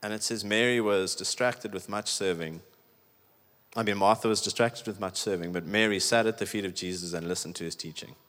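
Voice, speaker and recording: A low-voiced man preaching a casual, emphatic sermon, peppered with "like." His voice rings out in a large hall with a long reverb tail. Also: steady tone, fairly quick, fairly bright tone. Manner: conversational, emphatic preaching with many "like"s. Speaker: pastor.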